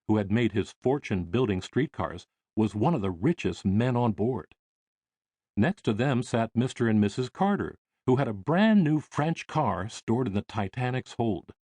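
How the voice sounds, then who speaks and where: A man reading an audiobook in measured, expressive scripted narration. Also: on the low side, dry recording.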